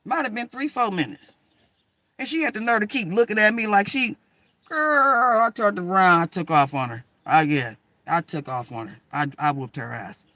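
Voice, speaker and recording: A woman telling personal stories in an animated, emphatic way, with slang, swearing and asides to listeners. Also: mid-range voice, normal speed, dry recording. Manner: animated, emphatic, addresses listeners as girl and y'all; slangy, profane, rambling. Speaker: storyteller. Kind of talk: casual personal storytelling.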